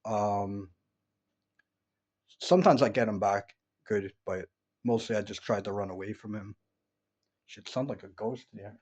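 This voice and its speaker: A man's voice: on the low side, unhurried, long pauses, darkish tone, breathy edge, lo-fi sound. A man from upstate New York talking casually at home, rambling through his memories with many false starts. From upstate New York, USA. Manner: rambling, many restarts and fillers. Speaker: vlogger. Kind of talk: casual personal monologue. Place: at home, indoors.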